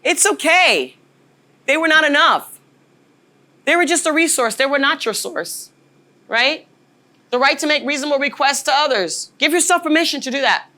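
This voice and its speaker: A woman's voice: a little high, bright, forceful tone. A woman in her forties giving a motivational workshop talk as a leadership trainer, emphatic and often checking in with "right?". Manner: emphatic, keeps asking "right?" to the audience.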